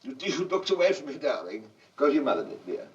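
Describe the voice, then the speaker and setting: A man directing child actors on a film set, coaxing them gently and then urging them on with quick, insistent cues, recorded on an old archival soundtrack. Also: mid-range voice, big pitch swings. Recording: distant, dull, hissy archival recording.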